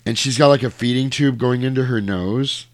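A man's voice: mid-range voice, no echo. A man in casual podcast chat, retelling a horror movie scene by scene and acting out the characters' lines. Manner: animated storyteller acting out lines in quick voices.

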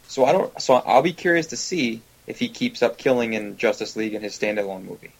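A man's voice: medium pitch, lively intonation, fairly quick, hardly any pauses, breathy edge, poor audio. A man as guest on a casual video-call chat, talking in an earnest, opinionated way.

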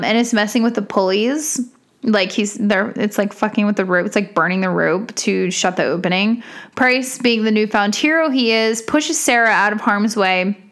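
A woman's voice: mid-range voice, a bit bright. A young woman casually recapping a movie's plot, chatty and full of fillers, with giggly asides.

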